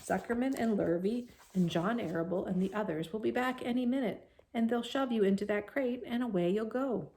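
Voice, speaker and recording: A woman reading aloud plays a wise spider in a soft storybook voice, quiet and calm. She talks low and steady, gently soothing. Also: a little fast, few pauses, a little hiss or hum, lightly acted. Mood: gentle.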